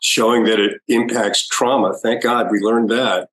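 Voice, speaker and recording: A man, a guest on a podcast interview, building a measured argument with many pauses. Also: medium pitch, fairly even intonation, a bit bright, low-quality recording. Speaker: guest expert.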